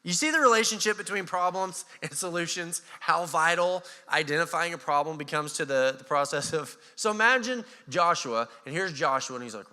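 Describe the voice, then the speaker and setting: A man with an American accent preaching a sermon as pastor, animated and acting out voices with a touch of sarcasm. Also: on the high side, normal speed, few pauses. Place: church hall. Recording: church hall reverb.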